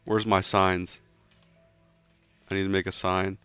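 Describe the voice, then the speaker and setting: Over soft background music on a dry recording, a young gamer streams his play and talks casually with his friends. His voice sits low and resonant, clear and unhurried, though his rants are full of swearing, "bro," and "dude," and tense moments bring loud, excited yelps.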